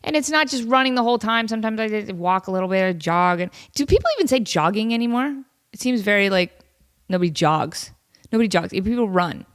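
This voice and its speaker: A woman's voice: on the high side, animated, fast talker, clear, resonant tone. Chatty woman podcaster with a cold. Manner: chatty, self-deprecating, rambling. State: has a cold, sniffly. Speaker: podcast host. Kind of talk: casual solo podcast chat. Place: home.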